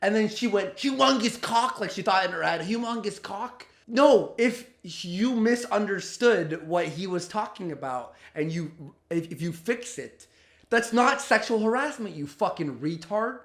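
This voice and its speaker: A man's voice: high-pitched, animated, normal speed, a bit bright. A man hosting a reaction commentary, ranting in an exasperated, profane, mocking way. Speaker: commentary host. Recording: roomy echo.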